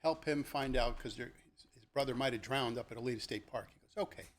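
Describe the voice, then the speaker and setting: Older retired police lieutenant telling stories. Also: male voice, fast, a little hiss or hum. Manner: animated, acts out the people in his stories with sharp jumps in pitch; conversational, with fillers and restarts. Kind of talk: podcast storytelling.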